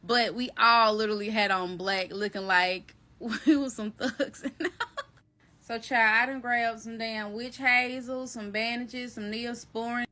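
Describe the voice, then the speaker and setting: A woman telling a personal story to her viewers in a casual, animated, slangy way, calling them y'all and baby. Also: on the high side, measured pace. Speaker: storyteller recounting a personal event.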